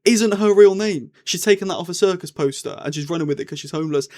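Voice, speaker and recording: A man's voice: sits high, quick pace. A young man giving a casual, rambling TV review, his tone swinging up and down as he talks. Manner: chatty and rambling, with lively swings in tone.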